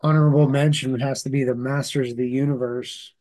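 A man's voice: medium pitch, flat delivery, a little fast, darkish tone. A man co-hosting a podcast in casual chat, laid-back and brief in his remarks.

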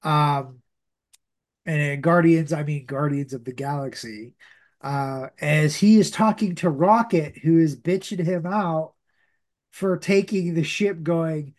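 A man's voice: on the high side, takes it slowly. A man hosting a podcast, casually recapping a comic book story with lots of fillers and restarts. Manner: rambling, many fillers and restarts. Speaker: podcast host.

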